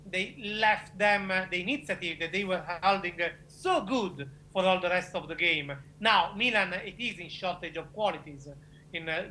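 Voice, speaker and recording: A man with an Italian accent, a non-native speaker, talking football as a correspondent on a video call and pausing often to search for words. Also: high voice, bright, forceful tone, a little hiss or hum. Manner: halting, searching for words, frequent uh. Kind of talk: joining a football chat over video call.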